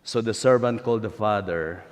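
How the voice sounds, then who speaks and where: A man, a priest, giving a sermon and retelling a story in an unhurried way, pausing with fillers. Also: lowish voice. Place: church. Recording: long church reverb.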